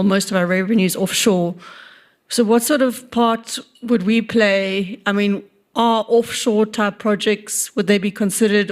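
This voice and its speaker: A woman in the audience asking a brisk, direct question at a conference. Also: mid-range voice.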